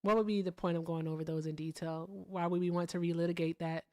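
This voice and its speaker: A woman hosting a live call-in debate, speaking in a pointed, measured way as she challenges callers. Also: on the low side, fairly even intonation, a little mellow. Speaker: host of a call-in debate show.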